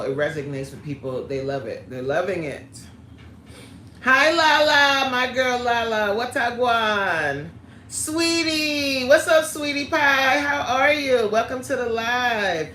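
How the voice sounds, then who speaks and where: A woman's voice: low voice, a bit bright, a little hiss or hum. A middle-aged woman coaching on a live stream, chatting casually, greeting viewers by name and laughing easily. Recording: roomy echo.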